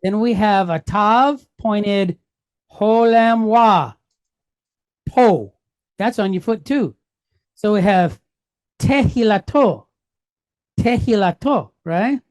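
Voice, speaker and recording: A woman's voice: mid-range voice, slow, pauses often, darkish tone, no echo. A woman teaching a Hebrew lesson, going patiently step by step and asking questions that she then answers herself. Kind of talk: classroom lesson.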